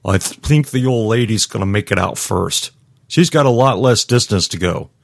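A lackadaisical security chief with a deep, unhurried voice, voiced by a man reading aloud. He states grim facts flatly, without alarm. The sound is dry and close. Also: creaky, no room sound. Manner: flat, matter-of-fact. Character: laid-back middle-aged male security chief, grim and knowing.

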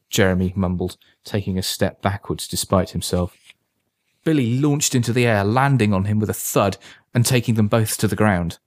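A man narrating a story in a steady, measured reading voice. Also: on the low side, no room sound, studio quality.

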